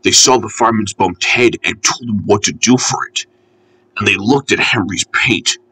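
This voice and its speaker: A man reading a children's storybook aloud, gentle, unhurried and expressive. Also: on the low side, breathy edge, poor audio.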